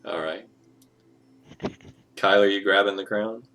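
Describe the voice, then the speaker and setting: A man's voice: lowish voice, unhurried, fairly bright tone, faint music behind. A man running a tabletop game as game master, often laughing and amused.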